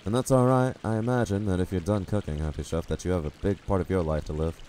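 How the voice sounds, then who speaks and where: A man streams a game live, and his casual, rambling chatter answers viewers as he plays. His voice sits very low, with a dark, mellow tone. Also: fast, a little hiss or hum. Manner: casual, chatty, answers chat while playing. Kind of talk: live gameplay commentary.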